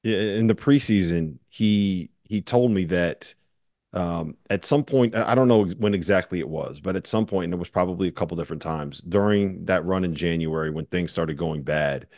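A man hosting a podcast, asking long, relaxed questions in a conversational way. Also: sits low, normal speed, dry recording, studio quality. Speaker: podcast host.

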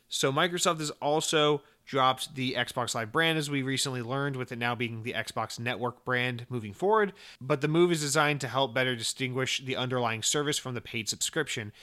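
A man hosting a casual gaming podcast, talking in an animated way with plenty of swearing and sudden exclamations. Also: mid-range voice. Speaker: podcast host.

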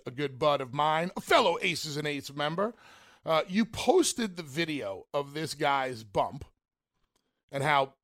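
A man co-hosting a talk radio show, speaking in an animated way and building up excitedly. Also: on the high side.

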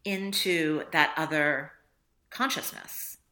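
Low-voiced, bright woman author. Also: takes it slowly. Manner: reflective, laughs often, acts out little dialogues. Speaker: author guest. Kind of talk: casual interview conversation.

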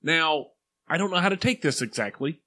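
A man co-hosting a podcast in casual chat, relaxed and unhurried, in a plain everyday voice. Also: on the high side. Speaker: podcast co-host.

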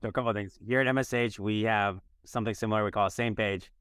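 A man's voice: lowish voice, fairly even intonation, fairly bright tone, smooth, no room sound, clean studio sound. A man in his thirties hosting a podcast, upbeat and enthusiastic as he chats with a guest. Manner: upbeat, enthusiastic, quick-talking. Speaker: podcast host. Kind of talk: casual interview chat.

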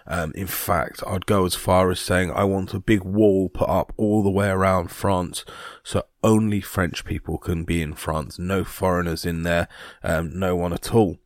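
A man voicing a Frenchman in a told joke, making demands with hesitant pauses. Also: low voice, steady tone, no room sound, clean studio sound. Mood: demanding. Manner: hesitant, with filler sounds.

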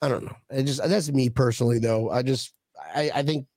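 A man co-hosting a casual sports podcast, excitable and jokey, slipping into mocking impressions. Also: mid-range voice, fairly quick, no echo, studio quality. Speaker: podcast co-host.

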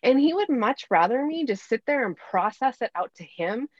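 A woman's voice: fairly high pitch, lively intonation, moderate pace, no room sound, lo-fi sound. A woman talking earnestly as a guest coach on a faith podcast, acting out her own inner dialogue. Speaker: guest, mom anger coach. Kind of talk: faith-based podcast conversation.

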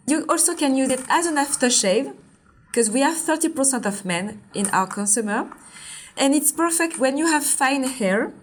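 A woman in her forties with a French accent, a brand founder explaining her products in an interview in an earnest, step-by-step way. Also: a little high. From Martinique. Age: 40s.

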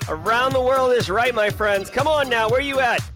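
Brief: upbeat male stream host with a high, bright voice, sing-song shout-outs, music under him. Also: moderate pace. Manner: energetic, shouting out viewers, playful sing-song. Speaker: livestream host. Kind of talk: casual live-stream chat.

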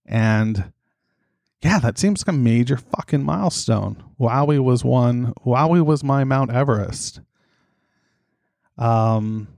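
A podcast host chatting casually at home, out of breath and breathing heavily, rambling with lots of fillers. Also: male voice, mid-range voice, vocal fry, warm tone, no echo, studio quality. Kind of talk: casual chat. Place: home studio.

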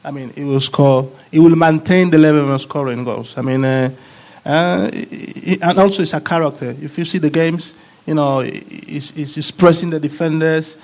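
A man's voice: on the high side, moderate pace, a little mellow. A man, a former player of the club, talking as a guest in a casual panel chat, often repeating words as he searches for them.

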